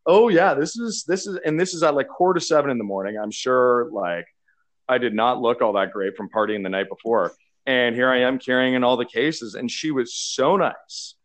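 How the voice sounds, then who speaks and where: A man from Canada recounting stories in an easygoing chat. His voice sits at a middle pitch, and he is animated, often laughing as he acts out what others said. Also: moderate pace. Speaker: beverage marketer. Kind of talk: casual storytelling chat.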